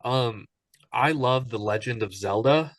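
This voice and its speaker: A man's voice: mid-range voice, measured pace, dry recording. Chatty man on a dry podcast mic. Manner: enthusiastic, rambling with many ums. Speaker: podcast co-host. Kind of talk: casual podcast chat.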